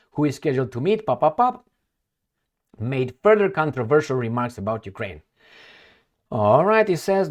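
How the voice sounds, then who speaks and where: A man reading news articles aloud and commenting on them in a rambling, halting way, with many fillers and muttered asides. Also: on the high side. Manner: blunt, mutters asides to himself. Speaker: political commentator.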